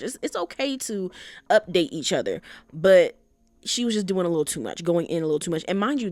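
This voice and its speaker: A woman's voice: lowish voice, no room sound. Young woman podcast host, casual and blunt, swears a bit, dry close sound. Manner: chatty, blunt, sprinkles in curses and "like, you know". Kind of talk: casual chat recapping a story.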